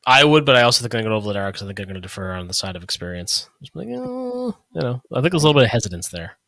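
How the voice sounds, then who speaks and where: A man's voice: on the low side, expressive, racing, sharp tone, dry recording. A man in his thirties co-hosting a hockey podcast, talking in a rambling, casual way with lots of asides. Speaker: podcast co-host. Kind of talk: casual sports chat.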